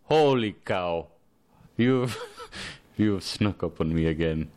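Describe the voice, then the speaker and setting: Guy playing a low-voiced, stubborn exterminator, deadpan and rambly. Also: takes it slowly, clean tone. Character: gruff male exterminator, muddled and stubborn.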